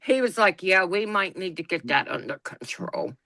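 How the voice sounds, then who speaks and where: Woman, bright, close and dry sound, blunt, folksy storyteller. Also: on the low side, animated, normal speed, no echo. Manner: folksy, blunt, laughs through her stories. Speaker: podcast co-host. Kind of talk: casual storytelling chat.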